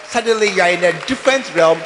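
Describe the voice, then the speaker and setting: A man's voice: high-pitched, fast, background noise. A man preaching a sermon in a church hall, acting out phone calls and prayers. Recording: music and long hall reverb.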